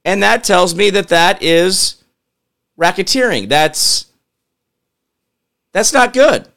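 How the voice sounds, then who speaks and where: Speaking slowly in a voice that sits high, with lively intonation and a slightly bright tone, a man hosts a political commentary show. He rants in exasperation, fires questions at his audience, and mutters to himself while working a computer.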